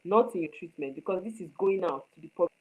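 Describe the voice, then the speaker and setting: A woman's voice: fairly low pitch, expressive, fast talker, slightly rough, phone-quality sound. A woman teaching screenwriting in a live online class, stressing her points with repetition and often checking whether her students understand. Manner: emphatic, repeats points, asks students if they understand.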